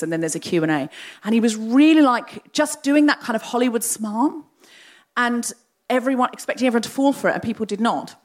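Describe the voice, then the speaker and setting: A woman's voice: on the high side, quick pace. A woman in her forties hosting a live comedy podcast, telling a self-mocking personal story with lots of energy. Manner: animated, self-mocking, confessional. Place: live theatre stage.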